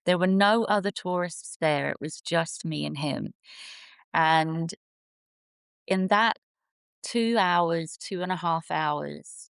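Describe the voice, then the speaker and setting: Deep, gravelly yet smooth, this woman in her forties speaks slowly in a dry recording. Originally from England, she's a guest on an interview, where as a sanctuary founder she recounts in an earnest, vivid way how her sanctuary began.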